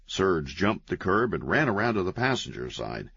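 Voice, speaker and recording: A man narrating an audiobook in a wry, deadpan storytelling manner. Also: low voice, normal speed, gravelly, few pauses, slightly rough, dry recording. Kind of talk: scripted narration. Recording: dull, lo-fi, dry.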